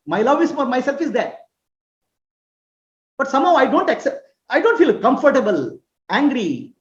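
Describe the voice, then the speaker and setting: A woman with a high voice gives an earnest spiritual teaching on self-acceptance, explaining patiently. She often pauses to ask whether listeners are following, and the recording is roomy and slightly dull.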